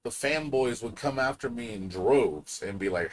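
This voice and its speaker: A man's voice: mid-range voice, lively intonation, moderate pace. A man ranting on a gaming live stream, profane and heated, mocking other people in quoted voices. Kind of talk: casual gaming stream rant.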